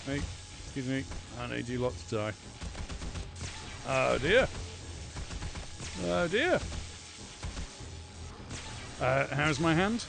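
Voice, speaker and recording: Male streamer, gravelly, lively pitch, sweary running commentary, noisy game audio behind. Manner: excitable, swears often, chats to viewers while playing. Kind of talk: live gameplay commentary.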